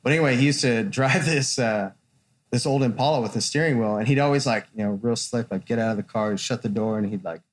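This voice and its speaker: A man's voice: mid-range voice, quick pace. A man, a tattoo artist and podcast host, telling a long story in casual, profane chat and acting out the people in it.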